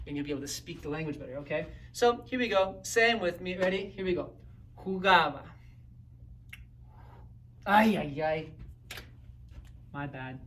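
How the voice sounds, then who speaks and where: A man's voice: fairly high pitch, animated, fast, few pauses, a bit bright, far from the mic, a little hiss or hum. A man teaching a recorded grammar lesson in an upbeat, coaching way, often checking in with "right?" and "okay?". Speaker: Spanish teacher.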